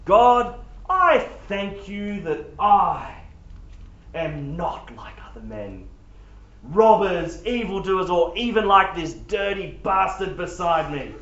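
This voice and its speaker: A man's voice: sits high, big pitch swings, slow, fairly bright tone, exaggerated voice. A man voicing a proud, arrogant male religious leader who boasts in his prayer. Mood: boastful. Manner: boastful, self-satisfied. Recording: echoey, dull room recording.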